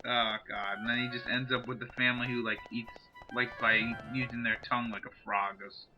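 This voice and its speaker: A man's voice: medium pitch, little pitch movement, brisk, lo-fi sound, music in the background. A man hosting a gameplay video in casual commentary, rambling and drifting off topic. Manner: rambling, digressive, chatty. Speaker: let's play host.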